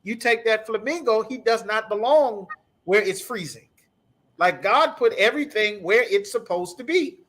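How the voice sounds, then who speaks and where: Man, high-pitched, piercing tone, heated scripture breakdown, emphatic, swears a lot. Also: lively intonation, normal speed, fairly bright tone. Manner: emphatic, profane, repetitive. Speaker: scripture class teacher.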